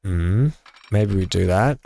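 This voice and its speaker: A man's voice: low voice, takes it slowly, gravelly, mellow. A man streaming a building game, chatting casually with viewers and reading chat with many fillers. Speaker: live-streaming gamer. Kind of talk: casual live-stream commentary while building.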